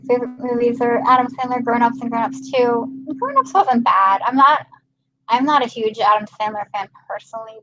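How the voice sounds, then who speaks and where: A woman's voice: on the high side, dull audio, noisy background. Chatty American woman on a livestream. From Maryland, USA. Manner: chatty, laughs often, reads viewer comments aloud. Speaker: livestream host. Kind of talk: casual livestream chat, reading comments.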